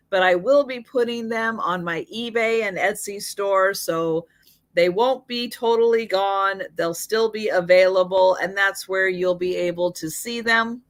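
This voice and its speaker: Pitched in the middle and fairly bright, this woman's voice carries a live online sale of vintage goods. She prices each piece one after another at a slow pace, using fillers, and sounds slightly worn out.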